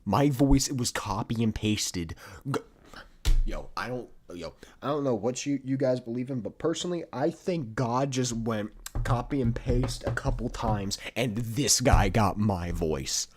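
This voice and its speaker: A man reacting on a casual livestream as the game developer host, excitable, swearing and saying "yo" a lot. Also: mid-range voice, measured pace, slight background noise. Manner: excitable, swears, says "yo" often.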